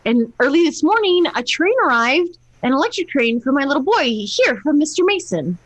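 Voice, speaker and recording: High, animated woman at a table read. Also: moderate pace, low-quality recording. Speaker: amateur reader in a comedy table read. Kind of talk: comic radio-play table read.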